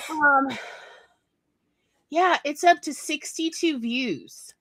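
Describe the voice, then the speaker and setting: A woman's voice: sits high, extremely slow, fairly bright tone, no echo. Giggly, enthusiastic woman chatting. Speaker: co-host, newsletter writer. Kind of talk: casual chat.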